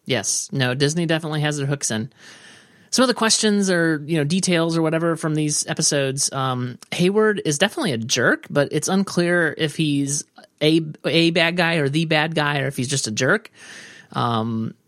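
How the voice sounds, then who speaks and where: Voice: medium pitch, normal speed, fairly bright tone, dry recording, clean studio sound. A co-host in a casual TV recap chat, musing aloud, hedging often and trailing off.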